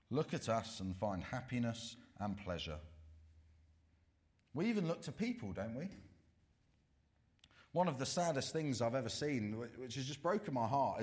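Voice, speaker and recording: A man preaching a sermon, moving from bright questions to slow, hushed warnings. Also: mid-range voice. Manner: dramatic swings from loud to hushed, slow emphatic warnings.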